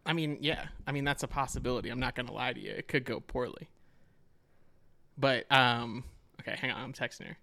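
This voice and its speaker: A man's voice: medium pitch, fairly quick, vocal fry, pushed and bright. A man co-hosting a casual podcast, joking and self-deprecating as he banters with his friend. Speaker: podcast co-host.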